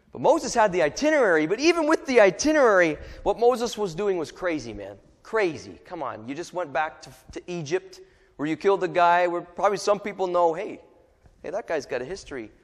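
A man's voice: medium pitch, in a large hall. A man preaching a sermon in a casual, joking way, acting out little asides and voices as he goes.

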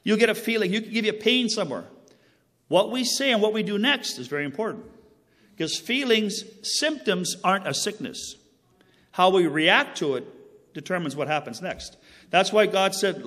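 A man whose voice sits high and has a sing-song lilt tells his personal testimony of faith at normal speed, with a slightly bright tone and long reverb. His casual story meanders through tangents followed by apologies, earnest and sermon-like, stressing important phrases.

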